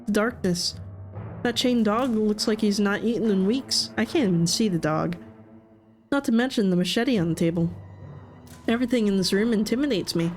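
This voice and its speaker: A woman's voice: medium pitch, normal speed, soft background music, close to an everyday voice. A woman voicing a polite, nervous male university professor who stumbles over his words. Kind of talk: game voice acting.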